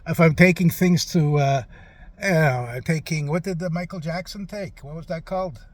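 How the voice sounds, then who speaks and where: A man playing a rambling, forgetful elderly president in a comic interview, halting and trailing off with lots of "uh". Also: on the high side, no room sound, natural voice.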